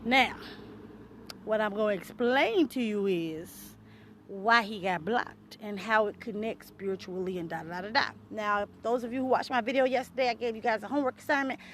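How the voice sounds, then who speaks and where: A woman's voice: mid-range voice, moderate pace, a bit bright, slight background noise. A woman vlogging straight to her viewers in casual talk, blunt and chatty, swearing freely and calling them y'all and you guys. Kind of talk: casual direct-to-camera talk.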